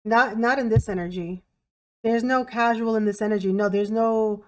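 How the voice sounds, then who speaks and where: A woman's voice: fairly high pitch, fairly even intonation, moderate pace. A woman giving a tarot reading to camera in a blunt, emphatic way, repeating herself and swearing freely. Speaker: tarot reader.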